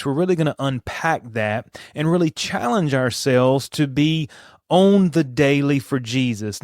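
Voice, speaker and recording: A man's voice: medium pitch, a little mellow, no room sound. A man teaches scripture on his own podcast in a mid-range voice, earnest and emphatic. He often turns to the listener with rhetorical questions. The sound is dry and close, with no room around it. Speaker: podcast host and Bible teacher.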